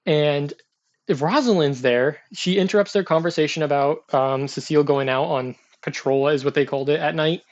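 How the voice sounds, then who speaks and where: A man with a slightly high voice recaps a TV episode in a relaxed, rambling way, full of fillers and quick restarts. The recording sounds dull and lo-fi, like a simple home setup. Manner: chatty, filler-heavy, loose retelling. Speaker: TV episode reviewer.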